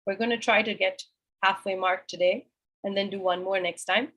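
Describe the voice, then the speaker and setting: A woman's voice: medium pitch, fairly even intonation, normal speed, fairly bright tone, low-quality recording. A woman teaching a scripture class, explaining a sacred text verse by verse and asking and answering her own questions.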